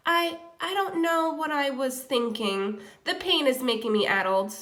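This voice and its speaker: A woman reading aloud and voicing a wise old female elephant who is in pain, speaking wearily and haltingly. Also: sits high, animated, fairly bright tone. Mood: weary.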